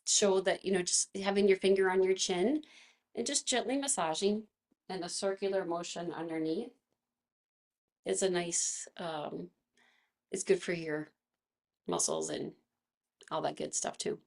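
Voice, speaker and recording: In an easygoing online movement session streamed live, a woman talks gently and chattily, laughing often. She speaks unhurriedly with long pauses, her rather low voice a little froggy from strain.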